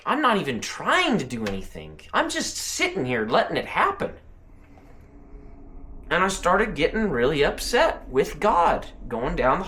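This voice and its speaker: A man's voice: a little high, bright, forceful tone. A man telling a personal spiritual testimony in an earnest, emotional way, often restarting his sentences. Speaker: channel host and truck driver.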